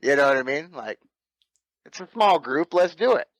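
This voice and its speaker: A middle-aged man spins airsoft stories in easy, profane podcast chat, often laughing as he goes. His voice sits a little high for a man, and the sound is dry and close. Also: lively intonation, normal speed, dry recording, poor audio. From North Carolina. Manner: laid-back, swears freely, laughs while telling stories. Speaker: airsoft field owner, guest. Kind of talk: casual storytelling chat.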